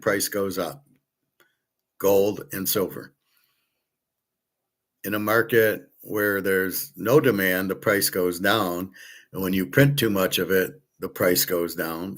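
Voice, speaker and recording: Man, low voice, rambling handicapper's monologue, profane and blunt, full of restarts. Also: a bit bright. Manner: acts out both sides of imagined conversations. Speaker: sports handicapper and commentator.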